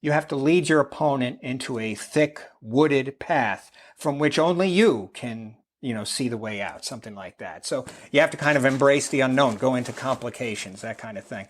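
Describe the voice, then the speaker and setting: A man's voice: mid-range voice, moderate pace, few pauses. Rambling middle-aged man, chatty guest. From United States. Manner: rambling, many fillers, laughs often. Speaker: podcast guest, amateur chess player. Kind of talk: casual interview talk.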